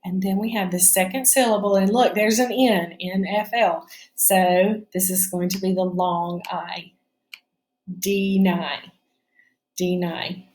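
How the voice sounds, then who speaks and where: A woman's voice: mid-range voice, steady tone, measured pace, darkish tone. Middle-aged woman teacher, patient and encouraging, recorded phonics lesson from her home kitchen. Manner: patient, checks in with students often.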